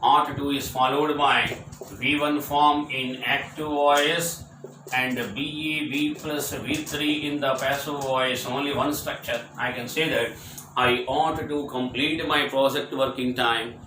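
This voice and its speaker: A man lectures on English grammar, hammering short example sentences through emphatic repetition. His delivery is flat and a little slow at medium pitch. Background noise is present, and the distant mic captures the echo of the room.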